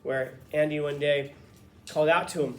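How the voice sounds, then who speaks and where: A male teacher telling a story to his class in a casual, lively, joking way. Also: fairly high pitch, normal speed. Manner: casual, lively, swears and jokes. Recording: echoey classroom, faint noise.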